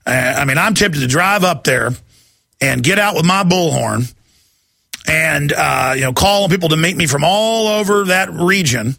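Male talk radio host, high, piercing voice, dry sound, heated and emphatic ranting. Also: expressive, moderate pace, vocal fry, pushed and bright, dry recording.

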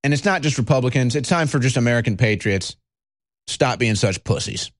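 A man's voice: medium pitch, expressive, brisk. A man hosting a political talk show, ranting in a combative, mocking way and swearing freely. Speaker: political commentary host. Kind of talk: angry political rant.

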